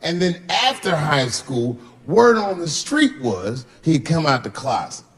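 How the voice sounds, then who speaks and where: A man doing stand-up comedy, telling a long profane story in a conversational way, swinging his pitch up for emphasis. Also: very animated, a little slow, fairly bright tone.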